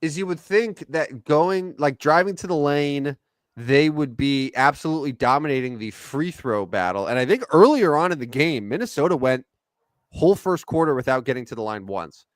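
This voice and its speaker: A man co-hosting a sports podcast, chatting casually about basketball stats and players with an animated delivery. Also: fairly high pitch, moderate pace, no echo. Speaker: podcast co-host. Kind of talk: casual sports chat and game commentary.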